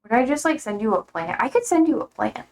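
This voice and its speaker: A woman's voice: on the high side, big pitch swings. Chatty young woman rambling on stream. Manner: rambling, chatty, swears casually, quick to laugh. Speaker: live streamer. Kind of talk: casual chat to a live stream.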